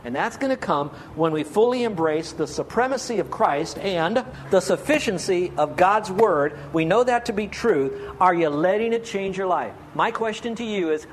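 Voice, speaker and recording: A man preaching a sermon with a voice pitched high for a man. He pleads earnestly with his congregation. He keeps asking rhetorical questions. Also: slight background noise. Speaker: pastor.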